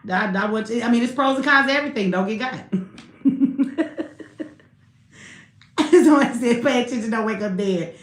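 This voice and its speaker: A woman's voice: a little high, moderate pace, long pauses. Laughing, slangy woman in an echoey room. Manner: candid, laughs often, slangy and profane. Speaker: live stream host. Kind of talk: casual live stream chat.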